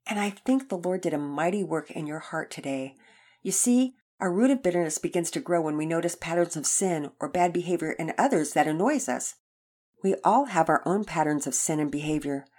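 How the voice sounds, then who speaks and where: A woman voicing a gentle, patient dad in a storybook, calmly explaining a lesson to his boy. Her lowered voice sounds steady and instructive. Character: gentle patient father teaching his son. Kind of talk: storybook reading.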